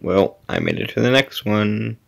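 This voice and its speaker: A man's voice: lowish voice, huge pitch swings, normal speed, creaky. A man giving casual commentary while playing an obstacle-course game, muttering to himself, sometimes dropping to a whisper and sometimes exclaiming at setbacks.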